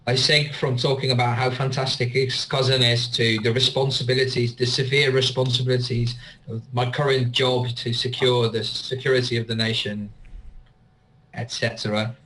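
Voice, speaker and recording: A man playing a tabletop game, relaxed and wry, pausing often with fillers. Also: medium pitch, a little hiss or hum, poor audio. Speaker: player.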